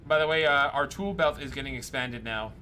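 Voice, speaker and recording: A man chatting casually during a game stream, joking and laughing often with quick asides. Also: medium pitch, bright, forceful tone, slight background noise. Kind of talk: casual chat while gaming.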